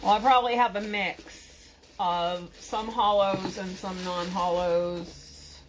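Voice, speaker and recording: A woman's voice: mid-range voice, steady tone, slow pace, a little hiss or hum. A woman with a Boston accent hosting a casual live craft tutorial, chatty and bubbly, rambling asides to her viewers. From Boston area.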